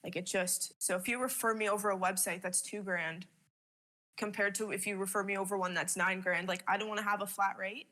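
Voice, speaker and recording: A young Canadian business owner chats casually and candidly about her company, handing out advice while swearing freely and laughing a lot. Her medium-pitched voice is steady, fairly quick and sharp.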